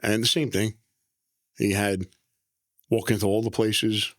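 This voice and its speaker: A man's voice: lowish voice, flat delivery, measured pace, a bit bright, no room sound, clean studio sound. A middle-aged man, telling rambling stories in a casual interview and often restarting his sentences. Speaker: guest, former mobster.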